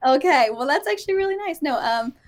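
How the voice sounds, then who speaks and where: A woman's voice: sits high, expressive, quick pace. A woman in her thirties, a guest author, chatting casually and acting out the voices of people in her stories, often laughing. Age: 30s. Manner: chatty, giggly, acts out quoted voices. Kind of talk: casual podcast chat.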